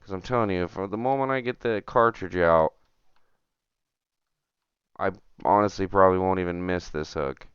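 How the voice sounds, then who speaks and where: A man's voice: deep voice, moderate pace, pauses often, fairly bright tone, smooth, dry recording, highs cut off. A man streaming a retro game, talking to himself and his viewers as he plays, getting frustrated and muttering. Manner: chatty, self-talking, gets frustrated and mutters. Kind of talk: casual gameplay commentary.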